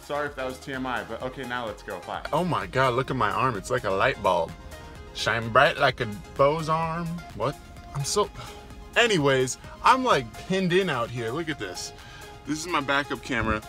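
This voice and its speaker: Talking to camera in a casual vlog, a twenty-something man hams it up with jokey, playful overdramatics. He speaks at normal speed with a medium-pitched, expressive, sharp-toned voice, and faint music plays behind him.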